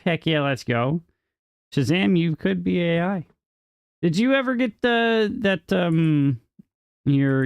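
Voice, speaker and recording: A man's voice: mid-range voice, clean tone, no echo, lo-fi sound. A man live-streaming a city-building game, chatting casually and joking with viewers in chat while he plays. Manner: chatty, jokey, talks to chat viewers by name.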